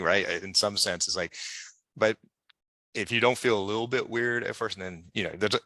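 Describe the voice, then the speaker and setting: At normal speed, a man with a fairly low pitch and bright, forceful tone tells long, casual stories as a guest in an interview. He wanders off topic and mimics the voices of the people he quotes, with no room sound audible.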